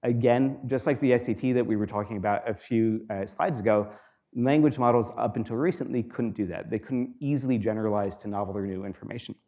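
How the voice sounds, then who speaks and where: A man giving a university guest lecture in a relaxed, explanatory way, with frequent fillers, repeating students' questions aloud. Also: on the low side, brisk. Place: lecture hall.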